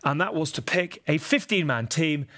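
A man's voice: fairly high pitch, lively intonation, normal speed, pushed and bright. A man hosting a podcast, posh-sounding and wry, teasing his guests and steering the chat. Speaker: podcast host. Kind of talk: hosting casual podcast banter.

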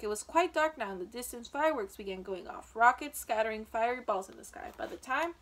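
A woman reading a children's book aloud, gently, with small slips and restarts, as a teacher would for a class. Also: fairly high pitch.

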